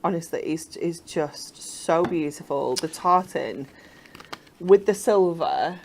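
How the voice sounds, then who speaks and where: A woman's voice: on the low side, slow pace, a little mellow. A woman co-presenting craft products, gushing with admiration. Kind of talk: enthusiastic product demonstration.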